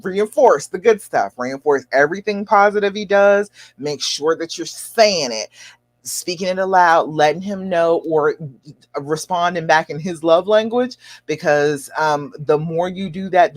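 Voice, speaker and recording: A woman hosting a live stream as a love coach, reading out viewer comments and giving encouraging advice with lively jumps in pitch and frequent laughs. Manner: animated and encouraging, with big leaps up in pitch; laughs often while talking.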